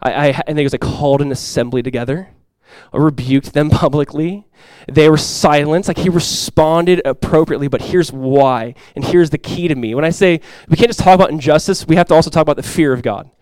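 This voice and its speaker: Animated young man preaching a sermon. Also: on the high side, a little fast, clear, resonant tone, no room sound, rough recording. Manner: casual, animated storytelling with acted quotes. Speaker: pastor.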